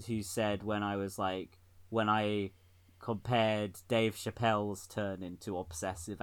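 A man co-hosting a casual political podcast, wry and rambling, often laughing at his own jokes. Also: lowish voice. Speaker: podcast co-host.

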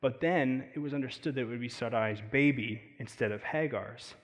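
A man's voice: mid-range voice, moderate pace. American man preaching in an echoing hall. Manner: conversational, animated, with frequent fillers and asides. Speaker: pastor. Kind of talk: sermon.

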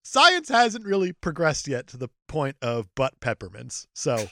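Man, jokey podcast co-host, says "like" often, higher voice, very lively delivery. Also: measured pace, no room sound, studio quality. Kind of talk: casual chat about a film.

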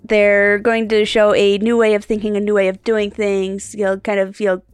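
A woman co-hosting a podcast in casual chat, thinking aloud in a halting way and often rephrasing herself. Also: mid-range voice, completely flat delivery, clean tone, no echo, soft background music. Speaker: podcast co-host.

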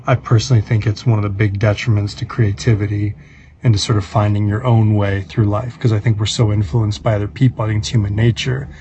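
A man's voice: on the low side, muffled recording, noisy background. A man, a comedy writer and podcast guest, talking in a thoughtful, laid-back way. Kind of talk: casual podcast chat.

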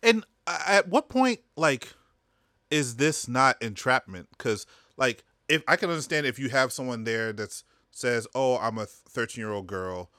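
A man's voice: mid-range voice, animated, unhurried, pushed and bright, no room sound, studio quality. A man co-hosting a casual chat, joking and laughing often with crude humor.

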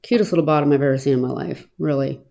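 A woman recounting her own past in an earnest, reflective personal testimony, pausing now and then with small fillers. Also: very deep voice, vocal fry, warm tone. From Arizona, US.

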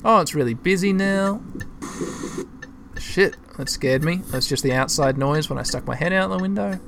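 A man's voice: fairly high pitch, moderate pace, gravelly, background noise. A man giving casual gameplay commentary as a let's-play host, chatty and thinking aloud as he talks to his listeners.

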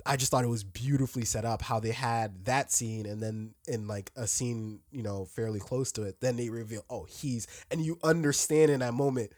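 A man's voice: lowish voice, darkish tone, dry recording, clean studio sound. Enthusiastic man in casual podcast chat. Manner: enthusiastic, laughing, swearing. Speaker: podcast co-host. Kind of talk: casual film discussion.

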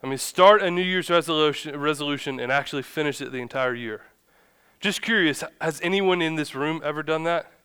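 A man's voice: on the high side, brisk, pushed and bright, clear, resonant tone. A man in his thirties, a pastor giving a conversational sermon in a church, chatty and self-deprecating, acting out a funny story. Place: church sanctuary.

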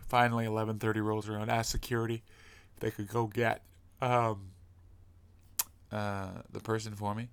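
A man's voice: lowish voice, little pitch movement, clean tone, no room sound. A man, a comedian, telling a story in a casual monologue, swearing freely and ranting. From Canada. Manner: profane, ranting, quick shifts in loudness.

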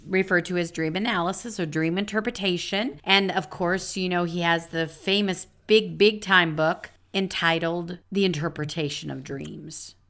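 A woman's voice: lowish voice, normal speed, few pauses, a bit bright. A woman co-hosting a podcast in casual chat, losing her voice and laughing as she fumbles her words. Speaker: podcast co-host.

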